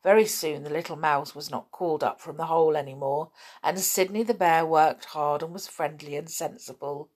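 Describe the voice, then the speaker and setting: A woman reading a children's story aloud, gentle and chatty with asides. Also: sits low, steady tone, moderate pace. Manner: gentle, chatty asides, clears throat often.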